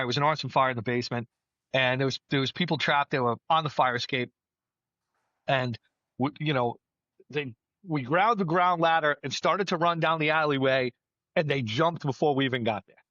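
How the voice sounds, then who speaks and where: Middle-aged fire chief telling stories. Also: male voice, fairly high pitch, no room sound, dull audio. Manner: storytelling, animated, plainspoken with mild swearing. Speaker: battalion chief, guest. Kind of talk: casual podcast conversation.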